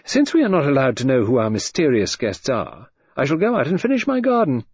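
A man voicing a restless, sharp-tongued middle-aged wife who speaks quickly and with a pointed, ironic edge. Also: mid-range voice, huge pitch swings, breathy edge, no room sound, voice pushed up, exaggerated voice. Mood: musing. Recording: dull, dry lo-fi recording.

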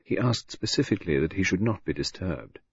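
A man doing a softly murmuring deferential servant. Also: sits low, animated, fairly quick, creaky, breathy edge, no room sound, heavily acted. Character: deferential, smooth-voiced male servant. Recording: dull, dry lo-fi recording.

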